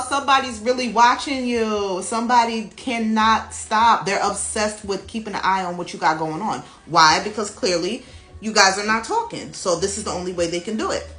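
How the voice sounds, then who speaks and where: A woman reading tarot cards for her viewers in a casual, animated, chatty way, laughing often and speaking straight to them. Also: medium pitch. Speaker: tarot reader. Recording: echoey room with faint music behind.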